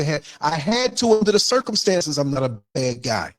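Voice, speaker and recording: A man's voice: fairly high pitch, big pitch swings, moderate pace. An older man from the United States, hosting a livestream and telling a story in a blunt, emphatic way. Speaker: podcaster host.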